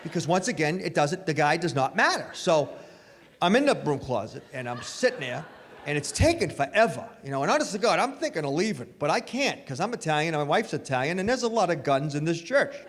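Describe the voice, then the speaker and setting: A man doing stand-up comedy on stage, animated and acting out voices. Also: a little high, a little fast, slight background noise. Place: stage in a hall. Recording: live stage hall reverb.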